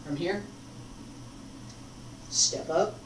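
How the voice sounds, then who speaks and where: A woman teaching a martial arts form, talking slowly and stopping to demonstrate moves. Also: fairly low pitch, background noise. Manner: unhurried, breaks off mid-demonstration. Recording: echoey room, mic far off.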